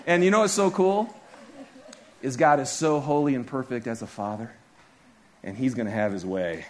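A man in his thirties preaching a sermon as a pastor, telling stories with his voice rising high and dropping low. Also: normal speed, slight background noise. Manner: animated storytelling, voice rising and dropping sharply.

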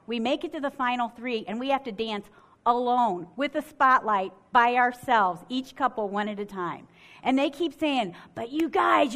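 A middle-aged woman from Michigan preaching a sermon, telling a story in an animated way and acting out what people said. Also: fairly high pitch. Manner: animated, acts out quotes with swings in loudness.

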